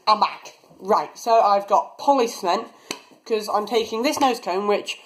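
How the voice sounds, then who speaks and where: A man's voice: high-pitched, measured pace, fairly bright tone, poor audio. A teenage young man chatting casually while building a model rocket, rambling as he works, recorded on a phone camera. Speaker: hobby rocketry vlogger.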